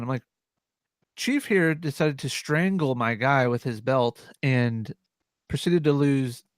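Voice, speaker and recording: A man on a veterans' panel retells a service story in lively casual chat. He speeds up in bursts and acts out what others said. His voice is mid-pitched and the sound is dry and close. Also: dry recording.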